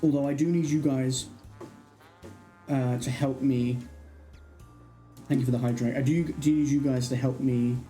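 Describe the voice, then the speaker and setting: A chatty livestream host who rambles and thinks out loud while playing. The voice is dark and mellow at a middling pitch, and soft background music runs under it the whole time. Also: steady tone, moderate pace, long pauses, rough recording. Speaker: streamer. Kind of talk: casual livestream chat.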